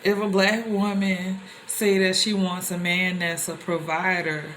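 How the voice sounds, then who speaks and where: A young woman telling personal stories to the camera in a loose, conversational way, with animated exclamations. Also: lowish voice, a little slow, slight background noise. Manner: animated, with rising exclamations when quoting others; loose and conversational, with many fillers and restarts. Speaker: vlogger.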